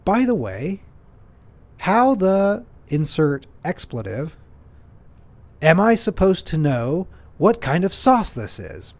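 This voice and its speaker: A man's voice: sits high, very animated, slow pace, a little mellow, voice pushed up, exaggerated voice. A man acting out a rude, impatient male customer who asks questions in an accusatory way. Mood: indignant. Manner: indignant, accusatory.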